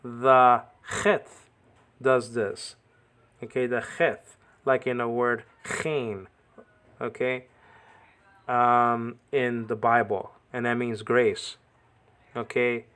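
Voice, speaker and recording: A man's voice: mid-range voice, little pitch movement, slow pace, long pauses, a bit bright, smooth. A man giving an informal language lesson, repeating words to correct pronunciation and often checking understanding with "okay". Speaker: teacher.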